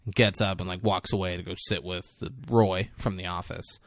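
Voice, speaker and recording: A man's voice: low voice, fairly even intonation, brisk, a bit bright, no echo, studio quality. A man co-hosting a podcast, telling a movie scene in a rambling, profane, casual way. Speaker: podcast co-host. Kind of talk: casual movie recap chat.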